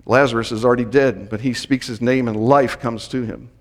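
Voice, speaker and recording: A man's voice: mid-range voice, steady tone, a little fast. A man giving a Bible teaching sermon to a Messianic congregation, explaining the text and raising his voice to read scripture. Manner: explanatory, reads scripture aloud with raised emphasis. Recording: long hall reverb.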